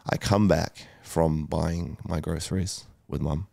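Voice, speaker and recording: Podcast guest: very low, gravelly man, candid and emotional, swears freely, dry sound. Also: steady tone, takes it slowly, warm tone, no echo. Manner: emotional, swears often, many fillers. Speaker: guest entrepreneur. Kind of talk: candid storytelling chat.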